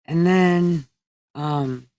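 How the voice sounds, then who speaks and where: A woman with a lowish, dark-toned voice speaks extremely slowly, with no echo, over a home streaming setup. She's hosting a livestream, reading scripture aloud in a casual, irreverent way and stopping for profane, wisecracking asides.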